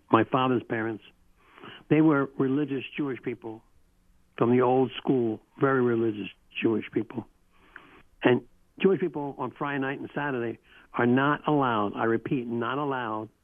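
A man's voice: mid-range voice, no echo. A man hosting a call-in show, telling stories and running a quiz, with emphatic repetition. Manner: emphatic, repeats key phrases. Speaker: radio call-in host. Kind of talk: casual storytelling and quiz hosting. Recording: narrow phone-like sound, dry.

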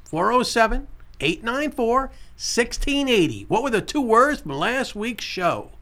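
Animated high-voiced male talk show host. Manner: lively, repeats key points, slows down to spell out numbers. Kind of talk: casual radio talk show.

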